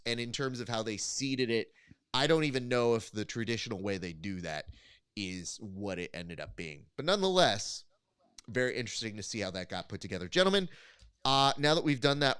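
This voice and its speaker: Smooth-voiced man hosting a panel show. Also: medium pitch, a bit bright, dry recording, clean studio sound. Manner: chatty, playful, quick laughs. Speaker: host.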